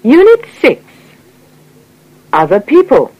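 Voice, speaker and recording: A woman reading an English coursebook unit aloud in clear, scripted narration. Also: high-pitched, lo-fi sound. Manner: clear, measured reading with lively intonation. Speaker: textbook audio reader.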